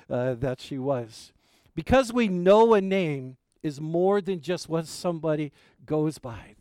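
A man's voice: on the high side, a little mellow, no echo, studio quality. A middle-aged male pastor preaching a sermon, telling family stories in a folksy, rambling way with many fillers.

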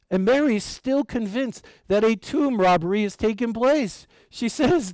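A man preaching a sermon as pastor, animated, asking his listeners questions and dropping to a near hush for emphasis, with light humor. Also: sits high, normal speed, few pauses, no echo. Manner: light humor with an occasional chuckle.

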